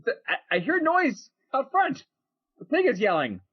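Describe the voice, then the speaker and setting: Shrill, exasperated old farm wife, high and sharp, put on by a man. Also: wildly swooping pitch, unhurried, breathy edge, highs cut off, full character voice. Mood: alarmed.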